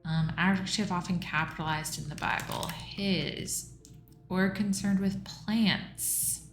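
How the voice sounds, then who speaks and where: Slow, musing woman in a roomy space. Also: fairly low pitch, fairly even intonation, soft background music. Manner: reads clues aloud and muses over answers. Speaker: livestreamer solving a crossword. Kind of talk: casual think-aloud solving. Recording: roomy echo.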